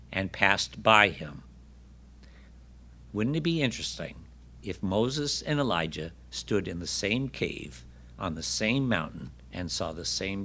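A man delivering a sermon in a bright, forceful voice. He reads scripture aloud and acts out the voices in it. He turns often to his listeners with questions. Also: lowish voice. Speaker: preacher.

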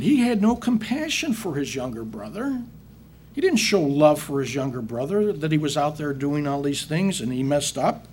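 A man's voice: fairly high pitch, darkish tone, a little hiss or hum. A man teaching a Bible passage, reading verses aloud and then explaining them in plain words with emphatic rhetorical questions. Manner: reads scripture then paraphrases it plainly. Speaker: preacher.

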